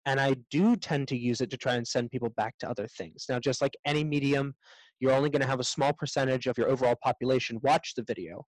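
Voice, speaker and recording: A man's voice: medium pitch, steady tone, quick pace, no echo, poor audio. Dry-sounding man talking it through. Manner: thoughtful, rambling with fillers. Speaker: guest, self-defense instructor. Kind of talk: casual interview chat.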